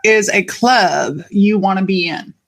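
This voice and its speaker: A woman with a drawl hosts a casual podcast monologue. She talks with lively energy and chatty asides, and drops swear words freely. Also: mid-range voice, a little slow. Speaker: podcast host and life coach.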